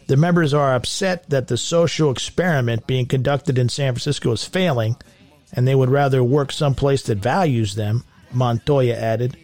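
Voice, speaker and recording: A man's voice: medium pitch, a little slow, long pauses, darkish tone. A man hosting a show, reading news stories and riffing on them sarcastically, laughing often at his own jokes. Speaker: radio show host. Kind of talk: comedic news commentary.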